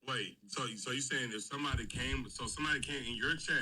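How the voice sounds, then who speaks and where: A man's voice: medium pitch, fast talker, a crowd in the background. A man talking hesitantly in casual chat, stumbling over his words, from away from the mic. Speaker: friend on the stream. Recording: distant voice off mic.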